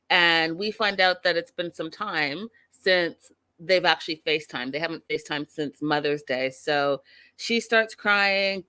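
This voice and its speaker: A woman's voice: fairly low pitch, pushed and bright, no room sound. A woman hosting a reality TV recap show, giving her opinions in blunt, outspoken, emphatic casual talk.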